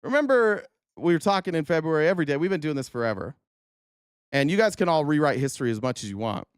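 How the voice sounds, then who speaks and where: A man's voice: on the high side, expressive, fast talker, clean tone, no echo, clean studio sound. Angry, profane male political commentator. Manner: choked up at times. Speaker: podcast host.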